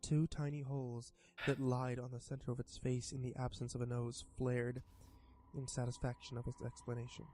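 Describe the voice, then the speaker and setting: A male streamer narrating a first-person horror story in a steady voice with small stumbles. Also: mid-range voice, normal speed. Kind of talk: horror story narration while modding a game.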